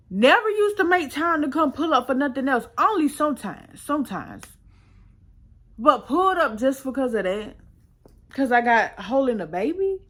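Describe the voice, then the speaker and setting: A young storytime vlogger with a fairly bright voice that sits high casually recounts a personal story, chatty and full of slang, often quoting what other people said.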